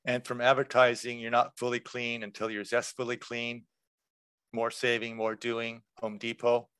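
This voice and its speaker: A man presenting a workshop lecture in a relaxed, conversational way, explaining terms with examples. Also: mid-range voice, normal speed, clean tone, no echo.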